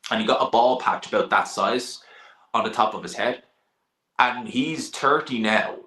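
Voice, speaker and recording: Blunt and chatty, a young man talks boxing on a casual live stream, answering viewer questions with sighs, laughs and the odd swear word. His voice is medium-pitched, pushed and bright at a moderate pace, recorded in an echoey room.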